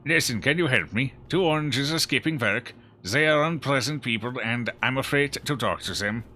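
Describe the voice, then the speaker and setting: A man's voice: mid-range voice, drawn-out words, a bit bright, pitched above the performer's own voice. A man voicing a nervous young female trainee administrator in a game, speaking hesitantly. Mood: timid. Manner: timid, hesitant.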